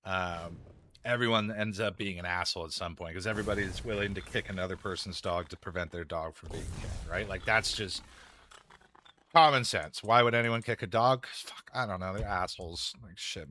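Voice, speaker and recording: A man's voice: deep voice, normal speed, bright, forceful tone, slight background noise. A young man chatting casually while he streams a game, rambling and swearing, laughing often between thoughts. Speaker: gaming streamer. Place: home room.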